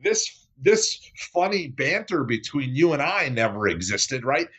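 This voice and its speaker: A man's voice: mid-range voice, sing-song, measured pace, a bit bright, breathy edge, rough recording. A man as a podcast guest, sharing personal stories in a candid conversational way and often checking in with "right?". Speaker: podcast guest, app founder. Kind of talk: conversational interview storytelling.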